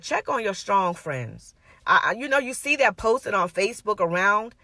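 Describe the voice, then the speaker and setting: A woman's voice: mid-range voice, sharp tone, no echo. A woman giving an earnest, conversational sermon, emphatic and personal, repeating her points. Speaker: minister.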